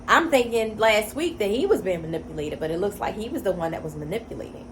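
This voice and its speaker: A woman at middle pitch tells a personal story as a single-mother vlogger, emphatic and full of "you know". Her talk is emotional and conversational, with repeated words for stress. A faint hiss sits under her voice. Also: expressive, fast talker.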